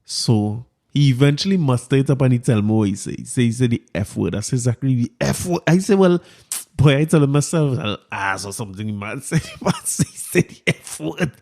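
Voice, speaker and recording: Male podcast host, mellow voice, laughs his way through casual stories. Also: medium pitch, fairly quick. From Trinidad and Tobago. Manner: animated, laughs often while telling a story. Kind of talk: casual storytelling monologue.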